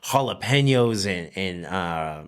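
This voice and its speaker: A man from New Mexico, a guest chef, telling a story in a casual, animated podcast chat with frequent fillers. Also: low voice, slow pace, clean tone.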